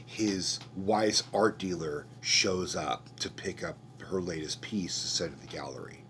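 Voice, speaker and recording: A man hosts a podcast, talking through a film in a loose, rambling way full of swearing and asides. His voice sits very low, with a faint hum underneath. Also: a little slow, fairly bright tone. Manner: rambling, profane, conversational. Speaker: podcast host. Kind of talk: casual movie review rant.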